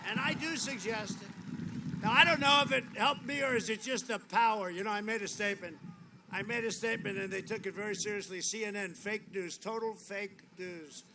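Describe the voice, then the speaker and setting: A man's voice: high voice, brisk. A man giving a rambling, boastful campaign rally speech, repeating his lines often, on a podium microphone outdoors. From United States. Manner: boastful, repetitive, rambling asides. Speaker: political candidate. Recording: noisy outdoor rally feed.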